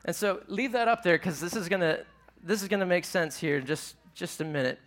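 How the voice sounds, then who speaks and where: A man's voice: high voice, a little fast, fairly bright tone. A man preaching a sermon to a live audience in a conversational way, asking them questions as he teaches. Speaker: pastor.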